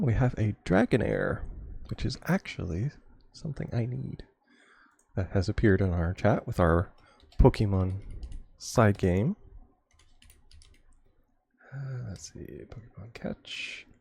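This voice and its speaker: A man's voice: lowish voice, big pitch swings, normal speed, vocal fry, a little mellow, slightly rough. A man streaming a game, chatting casually and rambling with frequent chuckles. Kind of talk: casual gameplay chat.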